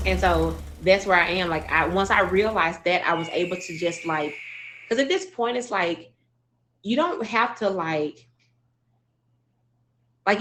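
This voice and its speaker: A woman's voice: lowish voice, fairly bright tone, a little hiss or hum. Earnest woman telling a personal story. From Arkansas, US. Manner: earnest, emotional, with many "like" fillers and restarts. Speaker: speaker sharing a personal story.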